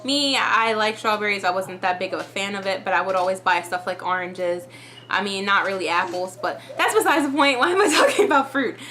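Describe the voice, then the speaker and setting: Young female vlogger, chatty storytime delivery, bright tone. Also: medium pitch, a little fast. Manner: chatty, full of "like" fillers. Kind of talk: storytime vlog.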